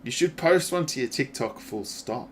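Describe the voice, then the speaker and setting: A man streaming a game and chatting with his viewers, swearing freely, laughing often and reacting loudly to their messages. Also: medium pitch, expressive, moderate pace, a little hiss or hum. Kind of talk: casual gaming livestream chat.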